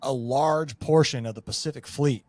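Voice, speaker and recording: A man's voice: mid-range voice, normal speed, darkish tone, no echo. A middle-aged man, a former Marine, talking in a rambling, profane way with lots of fillers in a casual podcast chat.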